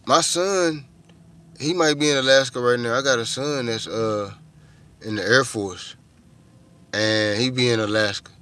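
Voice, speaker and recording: A man's voice: medium pitch, a little slow, long pauses, fairly bright tone, smooth. A middle-aged man, chatting casually and profanely with viewers on a livestream, rambling from one thought to the next. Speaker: livestream host.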